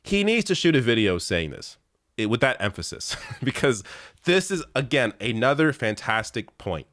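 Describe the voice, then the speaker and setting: A man's voice: medium pitch, very animated, normal speed, a bit bright, dry recording, studio quality. A man hosting a political commentary show, talking in an exasperated, sarcastic way and rattling off lists of names and figures.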